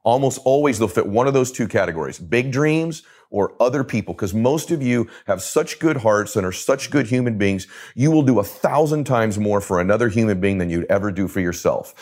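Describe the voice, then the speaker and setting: Deep-voiced man telling an emphatic story. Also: expressive, a little fast, few pauses, darkish tone. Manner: emphatic, repeats phrases for effect. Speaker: guest, motivational speaker. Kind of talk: energetic storytelling in a podcast interview.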